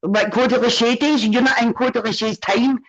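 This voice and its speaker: A woman's voice: a little high, fairly even intonation, moderate pace. A Scottish woman taunting and mocking someone in a sweary livestream argument. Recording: dull lo-fi stream audio.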